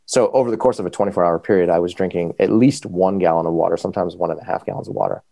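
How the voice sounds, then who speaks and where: Fast-talking low gravelly man. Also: no echo. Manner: animated, quick, full of fillers. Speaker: podcast guest. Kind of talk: casual storytelling.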